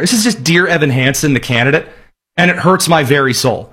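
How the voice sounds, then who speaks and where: A male political show host with a slightly high, husky voice, talking in a sarcastic, mocking way. He rambles through his points with offhand asides. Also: a little fast, sharp tone.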